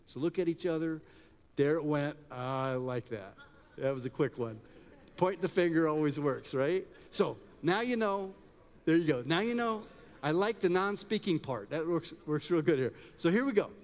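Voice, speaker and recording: A man running a live audience exercise at a talk, joking and directing people as he goes. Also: fairly high pitch. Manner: energetic, joking, directs the crowd. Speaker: workshop speaker. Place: event hall with live audience. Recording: long hall reverb.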